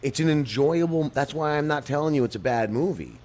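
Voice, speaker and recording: A podcast host in casual chat who turns to a profane, insulting rant. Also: male voice, fairly high pitch, a little fast, darkish tone.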